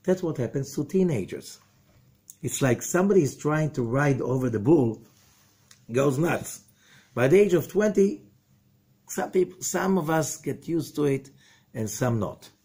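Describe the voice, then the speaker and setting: A man's voice: a little high, a little slow, long pauses, husky. A man giving a spoken Torah lesson, full of rhetorical questions and acted-out exchanges. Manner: animated, rhetorical questions, mock dialogue. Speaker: rabbi teaching Zohar.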